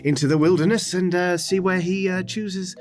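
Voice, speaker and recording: A man voicing a spry, excitable elderly male professor who gets flustered and hams it up. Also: sits high, moderate pace, faint music behind, pitched above the performer's own voice, natural voice. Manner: fussy, flustered, hammy.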